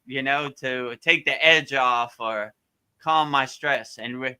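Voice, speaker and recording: Easygoing man giving bright advice. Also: mid-range voice, takes it slowly, smooth. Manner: easygoing, repeats words, many fillers. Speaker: spiritual teacher. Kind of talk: casual live Q&A advice.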